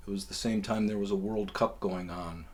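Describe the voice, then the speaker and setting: A man with a fairly low voice tells a story in a loose, meandering way. He swears freely and keeps stopping on "uh" and "um" as he talks, like a host chatting off the cuff. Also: fairly even intonation, normal speed, darkish tone. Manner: profane, loose and conversational with many fillers. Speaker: podcast host. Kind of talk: casual rambling storytelling.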